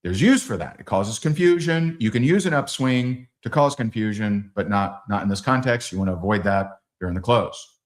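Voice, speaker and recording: A man leading a live sales training, acting out both sides of sales calls in lively quoted dialogue. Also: lowish voice, normal speed.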